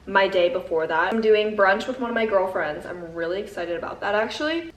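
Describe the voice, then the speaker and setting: A woman's voice: mid-range voice, expressive, brisk. A young woman chatting casually to camera as a lifestyle vlogger, giggly and talking to viewers like friends. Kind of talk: casual vlog chat to camera. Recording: echoey, off-mic, noisy background.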